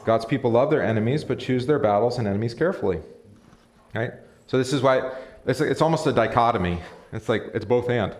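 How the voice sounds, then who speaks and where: Brisk and mid-range in voice, a man teaches an informal Bible study as pastor. He reads scripture aloud, quizzes the room conversationally and chuckles along the way. The recording comes from a live stream mic in a church or classroom.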